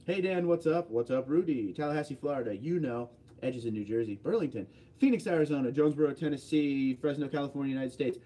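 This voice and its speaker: A man's voice: a little high, animated, fast, warm tone. A man hosting a casual livestream, reading viewer comments aloud and answering them offhandedly. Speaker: livestream host.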